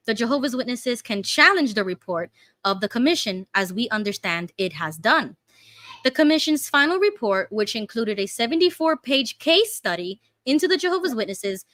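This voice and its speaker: Bright-voiced Canadian woman co-host. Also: high-pitched, no echo. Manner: reads carefully, admits she talks fast. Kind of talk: casual chat and reading a news article aloud.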